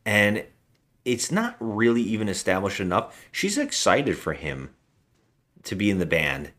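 Deep-voiced man recapping a film. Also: very animated, unhurried, fairly bright tone. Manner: retells plot at length, acting out characters' lines. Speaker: podcast co-host. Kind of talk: casual movie review chat.

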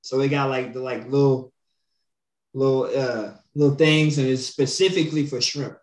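A woman's voice: a bass voice, moderate pace, a little mellow. A woman co-hosting a casual chat, laid-back, laughing along and agreeing often. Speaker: podcast co-host. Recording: echoey room.

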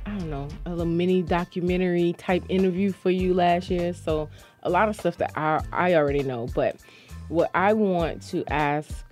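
A woman's voice: lowish voice, moderate pace, a little mellow, faint music behind. A woman hosting a podcast, chatting casually and asking rambling questions with giggles. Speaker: podcast host. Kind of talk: casual interview chat.

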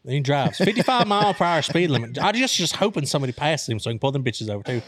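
A man's voice: a little high, big pitch swings, fast, fairly bright tone, no echo. A young man from Arkansas telling a wild story in casual talk, profane and laughing as he goes. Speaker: storyteller host.

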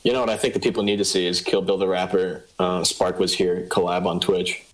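Deep-voiced deadpan joking man. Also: fairly quick, rough recording. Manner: deadpan, jokey, teasing. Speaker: podcast guest. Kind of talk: casual group chat.

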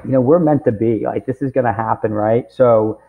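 A man's voice: medium pitch, fairly quick, vocal fry, a little hiss or hum. Rambling man in his forties, phone-like sound. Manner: rambling, packed with "you know" and "right?". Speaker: guest, camp director. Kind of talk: casual storytelling interview. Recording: tinny phone-like audio.

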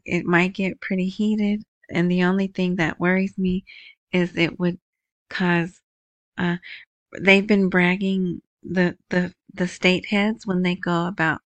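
A woman's voice: fairly low pitch, no room sound, lo-fi sound. A woman hosting a casual news commentary, chatty, who often asks "right?". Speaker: video host.

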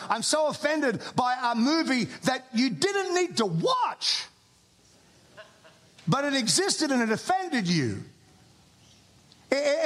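Standing before his church congregation, an Australian male pastor gives a sermon in a casual, conversational manner, peppering it with jokes and frequently starting phrases over. His voice sits very high for a man and sounds a bit bright.

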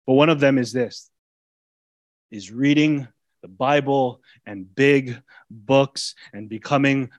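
A man preaching a sermon as a pastor, speaking in a conversational way that swings between loud, emphatic lines and quiet, intimate asides. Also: a little high, no echo. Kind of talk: expository sermon.

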